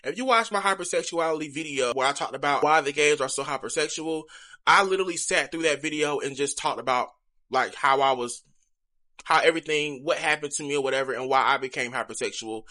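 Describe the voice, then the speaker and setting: Bright-voiced young man vlogging. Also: a little high, fairly quick. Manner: chatty, candid, addresses viewers directly. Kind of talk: casual confessional vlog.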